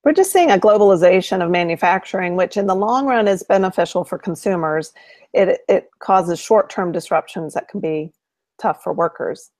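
A woman's voice: lowish voice, normal speed, a little mellow, no echo. Woman co-host, conversational, recaps news items; dry, close audio. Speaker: co-host of an appliance repair show. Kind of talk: casual chat.

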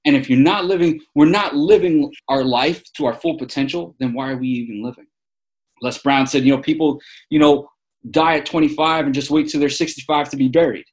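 A man's voice: fairly high pitch, brisk. A man in his forties from New York, a guest telling stories in an interview, earnest and rambling with lots of fillers and restarts. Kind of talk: casual interview storytelling.

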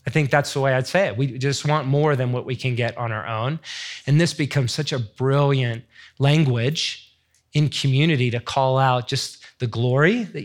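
A middle-aged man giving a heartfelt teaching talk in an earnest, searching, emotional way. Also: mid-range voice. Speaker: faith teacher sharing testimony.

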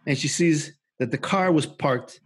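A man spins a long story for his podcast, in a husky, slightly high voice. He rambles, swears freely, and stumbles through restarts and fillers like "you know" and "right?". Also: a little slow. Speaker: podcast co-host. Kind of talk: casual storytelling.

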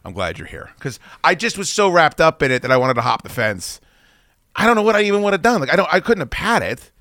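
A man hosting a podcast, telling rambling, profane anecdotes in a casual, animated way. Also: a little high, fast talker, no room sound, clean studio sound. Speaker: podcast host. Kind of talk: casual storytelling chat.

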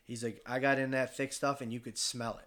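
Brisk and medium-pitched, a Michigan man tells a casual hunting story. He's animated, swears without holding back, and performs the voices of the folks involved.

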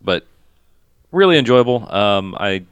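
A man's voice: fairly low pitch, very animated, measured pace, clear, resonant tone, no room sound. A man hosting a casual movie chat, rambling with lots of ums and cheerful swearing. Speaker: podcast host.

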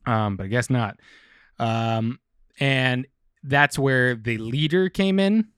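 A man's voice: medium pitch, takes it slowly, fairly bright tone, smooth, dry recording, studio quality. A man co-hosting a podcast, chatting casually and rambling, with some swearing. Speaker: podcast co-host. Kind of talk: casual chat about comics.

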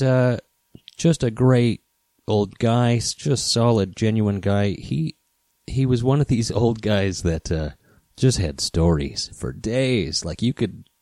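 Low-voiced man telling a casual story. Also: dry recording. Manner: relaxed, rambling, with many fillers. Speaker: podcast host, guitar repair specialist.

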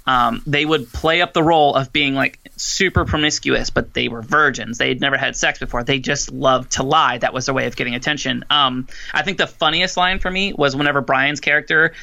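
A man co-hosting a podcast in casual chat, talking in an animated way with frequent fillers. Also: medium pitch, brisk, gravelly, hardly any pauses. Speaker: podcast co-host.

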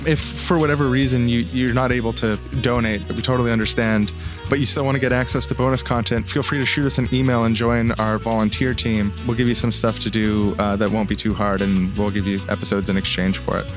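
A man of middle pitch narrates a comedy sketch in a dry, matter-of-fact tone. His podcast talk sits over a clear music bed. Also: little pitch movement, a little fast.

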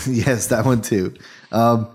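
A man's voice: mid-range voice, fairly even intonation, takes it slowly, darkish tone, slight background noise. Rambling laid-back male co-host. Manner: loose, rambling, full of "like". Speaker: podcast co-host. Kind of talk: casual chat.

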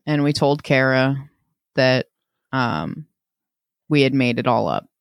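A man's voice: medium pitch, slow, gravelly, clean tone, dry recording, clean studio sound. A man co-hosting a podcast in casual chat, easygoing and joking, with plenty of fillers. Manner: easygoing, joking, lots of likes and ums. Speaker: podcast co-host.

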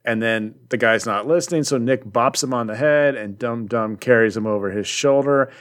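A man's voice: mid-range voice, normal speed. A man co-hosting a casual podcast about comics, animatedly retelling a story with lots of ums. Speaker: podcast co-host.

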